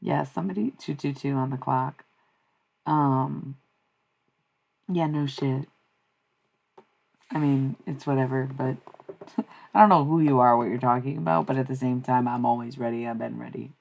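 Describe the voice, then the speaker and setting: Low gravelly woman streaming. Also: normal speed, long pauses, darkish tone. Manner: blunt and profane, musing aloud. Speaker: streamer giving psychic messages. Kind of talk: casual livestream chat.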